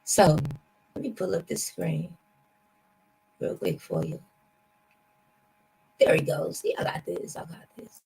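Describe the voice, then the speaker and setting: Speaking slowly with frequent pauses, this woman has a low-leaning, creaky, mellow voice with a breathy edge and huge swings in pitch. The recording is rough. She's a reaction channel host giving casual, skeptical commentary directly to her audience.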